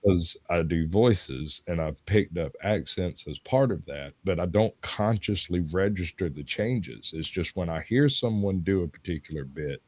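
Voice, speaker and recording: Southern us guy, real low voice, dry sound, talks on and on. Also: lively intonation, measured pace, hardly any pauses, a little mellow, no room sound. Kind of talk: casual chat.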